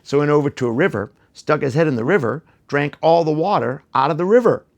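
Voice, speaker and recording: A male children's storyteller tells a folk tale to kids, playful and theatrical, addressing the audience directly. His voice is a little high and fast.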